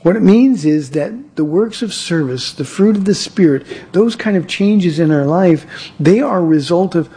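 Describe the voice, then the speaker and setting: Husky-voiced male pastor preaching. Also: high voice, animated, moderate pace, dark tone. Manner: earnest preaching with repetitions and restarts. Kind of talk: sermon.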